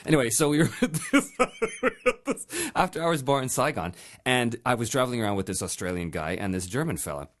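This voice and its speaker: Male podcast host, animated storyteller, very wide pitch range. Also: fast talker. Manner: animated storyteller, laughs often, slips into accents. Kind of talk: casual interview chat.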